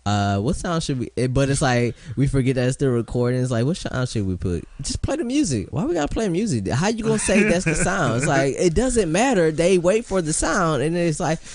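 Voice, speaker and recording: A man's voice: on the high side, very animated, fairly quick, few pauses, a little mellow, dry recording. A man co-hosting a podcast, chatting casually and telling long rambling stories, breaking into laughing impressions. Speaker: podcast co-host. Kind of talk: casual chat.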